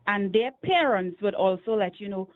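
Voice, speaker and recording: A woman's voice: medium pitch, animated, normal speed. Woman, caller, earnest, point by point, tinny phone sound. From Trinidad and Tobago. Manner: earnest, lays out points one by one. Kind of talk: call-in opinion over the phone.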